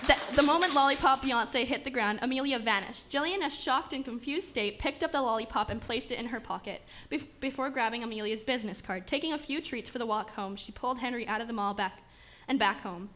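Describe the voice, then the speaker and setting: A woman's voice: fairly high pitch, a little fast, fairly bright tone. A woman narrating a comic fairy tale aloud, with small stumbles and restarts as she reads. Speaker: story narrator. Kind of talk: reading a comic story aloud.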